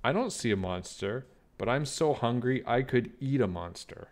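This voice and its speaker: A man's voice: mid-range voice, lively intonation, moderate pace, close to an everyday voice. Guy doing a little baby bug girl, hungry, pretty plain storybook voice.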